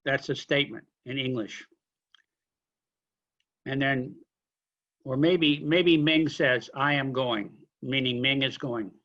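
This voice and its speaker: A man lecturing a linguistics class, explaining question forms slowly with examples and apologizing for being unclear. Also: medium pitch, a bit bright, highs cut off. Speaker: linguistics instructor.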